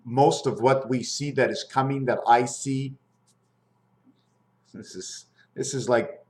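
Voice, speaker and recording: A man musing in a rambling, free-associating monologue at home, asking his viewers questions as he explains his designs. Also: medium pitch. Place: at home near his fridge, indoors.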